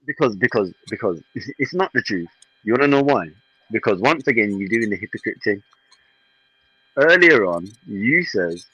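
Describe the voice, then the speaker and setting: A husky man with a bright, sharp edge argues football on a podcast, exasperated and mocking. The sound is dry and close, with no room around it. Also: fairly low pitch, lively intonation, moderate pace, dry recording, lo-fi sound. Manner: indignant, exasperated, mocking quotes. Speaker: podcast co-host. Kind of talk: heated football banter.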